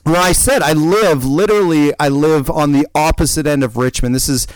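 Male co-host, rambling storyteller, smooth voice, dry close sound. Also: fairly high pitch, normal speed, dry recording. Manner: animated rambling storyteller, frequent restarts. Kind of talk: casual chat, personal anecdote.

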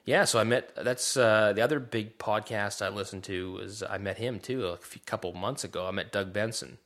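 A man's voice: on the low side, normal speed, a bit bright. A man co-hosting a podcast in casual chat, rambling and self-deprecating, trailing off and restarting his sentences. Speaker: podcast co-host. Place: Vancouver area.

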